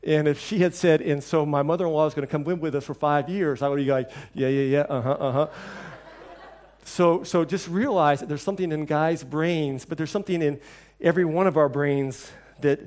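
A middle-aged man preaching a sermon, telling stories and acting out quoted voices with lively shifts. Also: fairly quick, hardly any pauses. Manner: storytelling, acts out quoted voices with lively shifts in pitch and level. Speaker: pastor.

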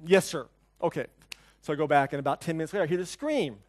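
A male pastor giving a conversational sermon, telling stories, asking the congregation questions, and swinging between soft and loud. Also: a little high, sing-song, racing. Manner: storytelling, asks the congregation questions.

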